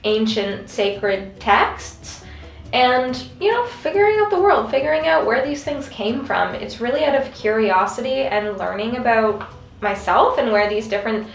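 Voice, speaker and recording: A woman's voice: fairly high pitch, expressive, measured pace, vocal fry. A young woman vlogging in a casual, confessional chat, earnest and rambling with many fillers. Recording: roomy with faint music behind.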